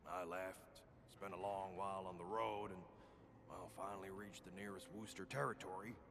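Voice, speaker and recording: Gravelly weary survivor. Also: male voice, low-pitched, fairly even intonation, normal speed, noisy background. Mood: worried. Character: weary male survivor pleading for help. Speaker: game character. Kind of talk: video game voice acting.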